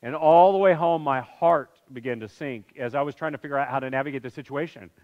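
A middle-aged man preaching through a personal story, swinging between loud bursts and hushed, low lines. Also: fast talker. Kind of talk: sermon storytelling. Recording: reverberant hall, dull sound.

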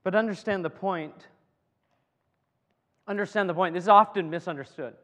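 A man preaching a sermon to a congregation in a lively, joking way, often repeating his words as he builds a point. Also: high-pitched, normal speed. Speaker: pastor. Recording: long hall reverb.

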